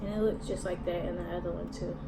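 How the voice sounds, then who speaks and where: A woman's voice: fairly low pitch, fairly even intonation, quick pace, vocal fry. A woman vlogging a mukbang, chatting casually in slang while eating and talking with her mouth full. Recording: echoey room from a distance with background noise.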